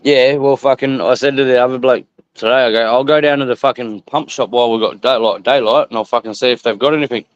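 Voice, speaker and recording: A man's voice: medium pitch, steady tone, fast talker, dry recording. An Australian man hosting a casual live stream, tired and grumbling about work with blunt, heavy swearing. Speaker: stream host. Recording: muffled lo-fi audio.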